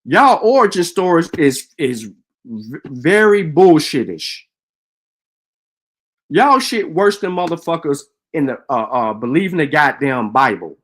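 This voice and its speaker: Man, live stream rant, profane, combative, high animated voice. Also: unhurried.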